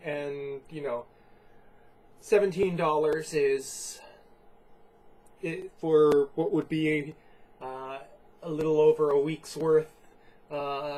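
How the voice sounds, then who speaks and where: A congested man hosting a casual beer review at home, rambling and halting with lots of fillers. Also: a little high, darkish tone, poor audio.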